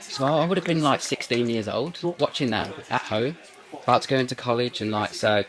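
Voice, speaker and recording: A man's voice: medium pitch, fairly quick, a bit bright, low-quality recording. A man in his twenties co-hosting a casual chat show over dinner in a pub. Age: 20s. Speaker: co-host. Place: pub dining room.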